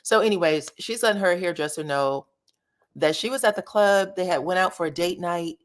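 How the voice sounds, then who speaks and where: Woman, live-stream host, lowish voice, casual chat, folksy, talks right to viewers. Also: normal speed. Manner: chatty, addresses viewers as y'all and child. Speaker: livestream host of reality show commentary.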